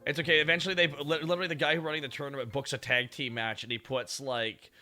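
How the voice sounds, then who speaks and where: A man hosting a stream, casual and excitable, swearing a lot and laughing often. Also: on the high side, fast. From Canada. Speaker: streamer host.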